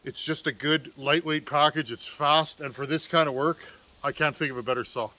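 A man's voice: a little high, fairly even intonation, moderate pace, pushed and bright. A man hosting his own chainsaw video in a casual, folksy way, out of breath and chuckling between sentences, calling his viewers friends. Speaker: chainsaw builder and channel host. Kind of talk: casual outdoor video chat.

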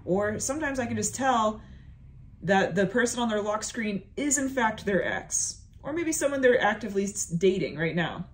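A woman's voice: mid-range voice, animated, normal speed. A young adult woman, a stand-up comedian, talking to camera in a sassy, playful monologue and stretching words out for emphasis.

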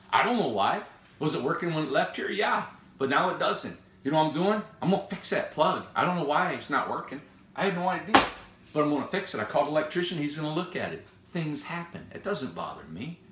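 A man's voice: fairly high pitch, a bit bright. A middle-aged man, owner and builder of a tiny home company, talking unscripted in a live video with earnest, rambling, emphatic repetition. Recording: echoey room.

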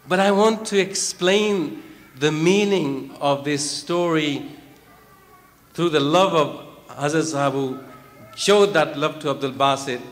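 A man delivers a sermon at a religious gathering, his voice pitched high. He chants verses and then unpacks them, coming back to key phrases again and again. Long reverb from a large hall trails behind every line. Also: slow. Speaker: preacher.

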